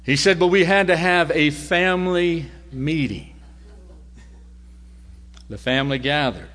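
A man preaching a sermon, telling a story in a conversational way and moving between loud lines and near-whispers. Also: a little high, unhurried.

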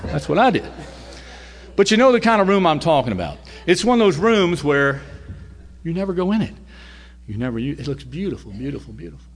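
A man preaching a sermon, telling a story in a conversational way and moving between loud lines and near-whispers. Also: a little high, very animated, fairly quick.

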